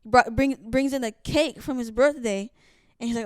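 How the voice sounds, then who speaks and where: A young woman with a smooth, clear voice tells stories in a relaxed podcast chat. She is animated and acts out other people's lines, often restarting her sentences. The sound is close and dry, with no room around it. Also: a little high, moderate pace, dry recording. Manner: animated storyteller, acts out quotes, many restarts. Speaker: podcast co-host. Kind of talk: casual storytelling chat.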